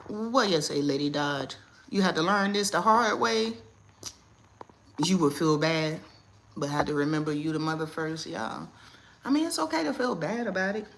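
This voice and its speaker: Woman w/ aave, chatty livestream host, lowish but bright sharp voice, laughs a lot. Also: expressive, normal speed, slight background noise. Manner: chatty, laughs often, reads viewer comments. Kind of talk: casual live chat with viewers. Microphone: phone or webcam on a livestream.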